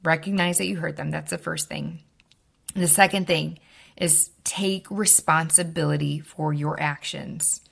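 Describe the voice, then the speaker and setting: Low, gravelly-voiced woman podcast host. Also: steady tone, fairly bright tone. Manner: instructive, repeats key points slowly. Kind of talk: advice podcast talk.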